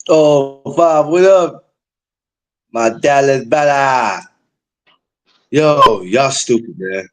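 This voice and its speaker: A man co-hosting a casual chat who reacts with exclamations and loud laughter. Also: mid-range voice, extremely slow.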